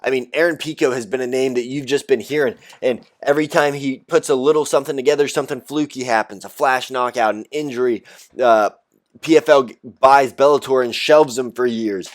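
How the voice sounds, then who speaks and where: A man's voice: medium pitch, brisk. Casual man recapping fight results. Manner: casual, blunt, chatty with fillers. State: out of breath. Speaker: podcast host recapping fights. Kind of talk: solo recap commentary.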